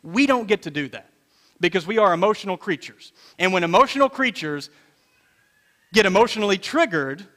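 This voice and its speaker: A man's voice: sits high, expressive, moderate pace, bright, forceful tone. A man in his fifties, a pastor, preaching a sermon in a conversational, storytelling way with repeated phrases. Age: 50s. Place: church sanctuary. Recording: long reverb of a church hall.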